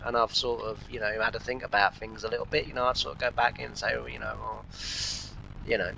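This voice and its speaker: A man's voice: medium pitch, fairly even intonation, quick pace, vocal fry, sharp tone. A man, rambling through a long anecdote as a let's play host and retelling each exchange with "I said". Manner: chatty, retells with constant "I said". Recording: dull lo-fi sound with faint noise.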